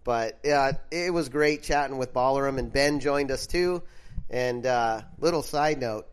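A man's voice: medium pitch, a little slow, smooth. A man hosting a podcast, talking in an easygoing, rambling, hesitant way. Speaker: podcast host. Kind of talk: casual podcast chat.

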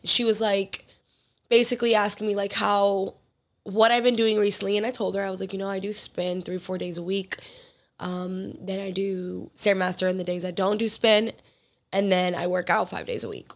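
A young woman hosts her own podcast, her voice still a little hoarse from being sick. She talks in a candid, rambling way, often acting out bits of her conversations with others. Her pitch sits right in the middle for a woman. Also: level tone, normal speed. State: hoarse from illness. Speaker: podcast host; fitness trainer and athlete. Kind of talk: casual solo podcast talk.

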